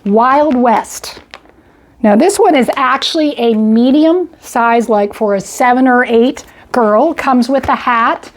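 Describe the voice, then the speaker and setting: With a slow delivery and a voice on the high side, an older woman casually walks through what she bought at the grocery store. The homestead vlogger sounds slightly breathless and chatty, repeating "I got" and "went ahead" as she goes.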